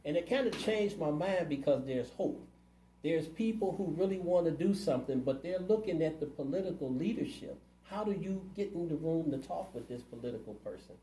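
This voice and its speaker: A man's voice: on the high side, lively intonation, brisk, mellow, echoey room, slight background noise, poor audio. A man running for city council, answering interview questions in a plainspoken, earnest way. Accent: Ohio. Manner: earnest, plainspoken, community-minded.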